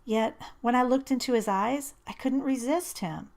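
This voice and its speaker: A woman narrating a first-person novel as an audiobook, in an intimate, measured and expressive reading. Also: fairly high pitch.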